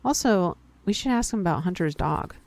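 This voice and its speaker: Low-voiced woman chatting through a horror game. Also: animated, normal speed, darkish tone. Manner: chatty, talks to herself and viewers, reacts with surprise. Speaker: gaming video host. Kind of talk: casual let's-play commentary, reading game text aloud.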